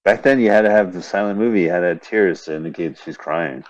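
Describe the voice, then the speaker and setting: Over a dull, lo-fi radio stream, a man with a low voice and quick delivery riffs casually alongside a co-host on an old silent film. He explains the scenes and slips in wry jokes.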